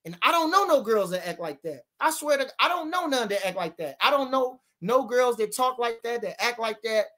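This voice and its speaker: A man's voice: extremely high pitch, animated, moderate pace, few pauses, bright, forceful tone. A man hosting a casual livestream about boxing. He reads viewer comments aloud and answers them in brash, boastful street slang, repeating lines for emphasis.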